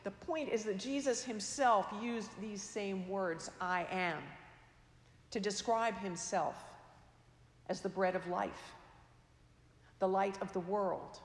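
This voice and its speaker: A woman preaching a sermon in a slow, measured, reflective way, her phrase endings trailing off softly. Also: mid-range voice. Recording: echoey hall, long reverb.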